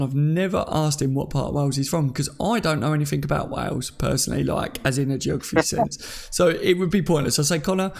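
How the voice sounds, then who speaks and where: Guy hosting a live chat, gravelly, slightly high voice, jokes and laughs a lot. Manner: jokey, laughs often. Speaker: podcast host. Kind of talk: casual chat reading live comments.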